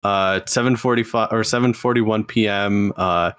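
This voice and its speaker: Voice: mid-range voice, steady tone, normal speed, a bit bright, clear, resonant tone, no echo. A young podcast host chatting casually and animatedly, laughing often. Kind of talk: casual chat.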